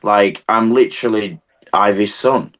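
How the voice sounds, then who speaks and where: A man's voice: fairly low pitch, unhurried, fairly bright tone. A man telling stories in casual podcast chat, rambling with lots of fillers and poking fun at himself. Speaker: wrestler, podcast guest.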